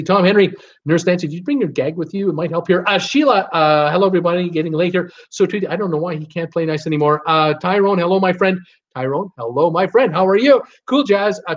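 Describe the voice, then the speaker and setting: A man with a somewhat high voice hosts a live cruise show, chatting casually and rambling as he reads viewer comments aloud with plenty of fillers. The sound is lo-fi.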